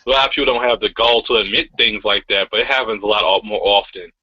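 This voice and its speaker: A man in casual podcast chat, speaking in a calm, reassuring way. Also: lowish voice, fast talker, dry recording, dull audio.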